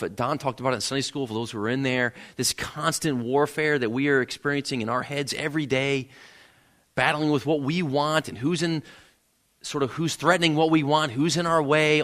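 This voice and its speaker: A man's voice: fairly high pitch, fairly bright tone. A man preaching a sermon in a church, earnest, often repeating words as he builds a point. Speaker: pastor. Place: church sanctuary.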